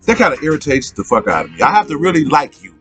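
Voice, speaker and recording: A middle-aged man spins profane stories in a loose podcast chat, his pitch leaping and dropping as he repeats lines for effect. His voice sits a little high for a man. Faint music plays underneath. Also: fast talker. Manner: profane, animated, repeats himself. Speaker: podcast host. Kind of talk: casual storytelling.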